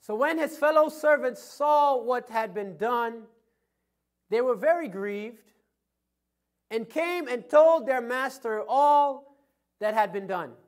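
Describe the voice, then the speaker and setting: Male preacher with a high-pitched voice; dynamic sermon delivery, loud peaks and quiet asides. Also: lively intonation, slow pace. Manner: preaching with swings from loud emphasis to soft asides; tells anecdotes with chuckles. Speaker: pastor.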